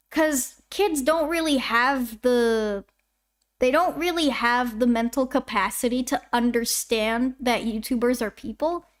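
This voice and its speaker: A twenty-year-old woman from Canada, a YouTube animator, chatting casually on a livestream as she answers chat questions in a rambling way. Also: sits high. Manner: chatty, rambling, self-interrupting.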